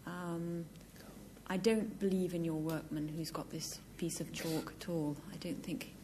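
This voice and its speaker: A woman with a fairly low voice thinks aloud on a 1970s panel game, candid and dry as she doubts each bluff. A steady tape hiss runs under her. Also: measured pace. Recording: hissy 1970s TV sound.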